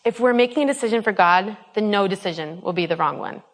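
A woman in her twenties talks fast in a mid-range voice as she shares a personal faith testimony. She's earnest and rambling, with lots of ums and restarts, and a long hall reverb hangs on the recording.

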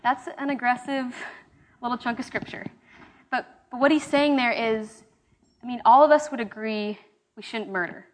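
A woman's voice: on the high side, normal speed. A young woman giving a casual, conversational Bible study talk, with fillers and restarts. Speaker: small-group Bible study leader. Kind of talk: casual sermon teaching.

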